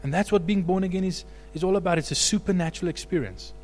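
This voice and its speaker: A man preaching a sermon as pastor, animated, rising to loud emphatic peaks. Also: high-pitched, fast talker, long reverb tail.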